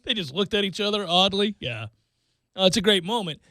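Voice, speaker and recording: High-voiced animated radio host man. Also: fairly quick, no echo. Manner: animated, acts out quotes in bursts. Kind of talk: casual talk radio banter. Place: radio studio.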